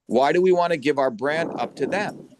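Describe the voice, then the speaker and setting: A man hosting an online symposium, lecturing forcefully and bluntly over a video call, swearing for emphasis. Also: on the high side, normal speed, noisy background. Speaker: symposium host and educator.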